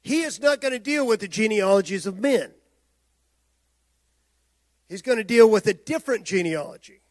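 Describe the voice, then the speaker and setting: A man's voice: high-pitched, no room sound. A male pastor preaching a sermon in a loose, conversational way, with asides and restarts.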